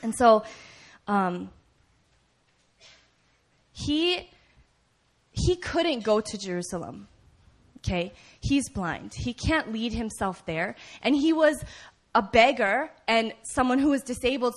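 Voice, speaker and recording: Woman preacher, sermon delivery, conversational and animated, slightly high voice. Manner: animated storytelling, acts out voices and shouts; conversational, frequent "right?" asides.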